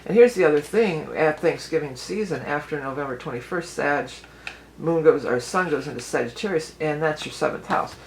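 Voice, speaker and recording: A woman's voice: deep voice, normal speed, slight background noise, rough recording. A woman giving a casual tarot and astrology reading for her viewers, chatty and rambling, often restarting her sentences and laughing easily.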